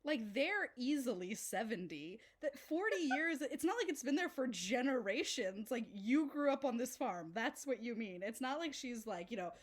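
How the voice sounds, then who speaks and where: A woman with a fairly high voice co-hosting a casual film podcast. She talks in an animated way, laughs often and slips into raised voices to mimic what characters say. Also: normal speed, few pauses. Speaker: podcast co-host. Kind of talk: casual film-review chat.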